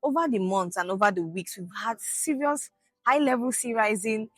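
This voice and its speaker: A woman's voice: a little high, moderate pace, a bit bright, dry recording, faint music behind. Passionate Nigerian woman, rhetorical. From Niger Delta, Nigeria. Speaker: project officer. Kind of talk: interview answer.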